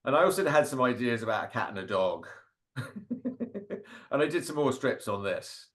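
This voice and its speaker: A man's voice: mid-range voice, expressive, moderate pace, fairly bright tone. A man, a cartoonist and guest speaker, talking casually and rambling about his drawings, full of fillers and little laughs. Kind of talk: casual talk over slides.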